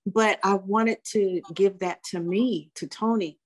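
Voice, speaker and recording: Reflective woman in her sixties, halting. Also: medium pitch, steady tone. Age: 60s. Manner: reflective, halting, with many restarts. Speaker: guest. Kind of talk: casual interview chat.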